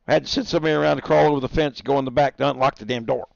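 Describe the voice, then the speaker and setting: A man's voice: fairly high pitch, quick pace, creaky, hardly any pauses, no room sound, muffled recording. A man streaming and casually rambling through a funny story to his viewers. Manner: rambling storyteller, chuckling, talks to his dogs. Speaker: livestreamer.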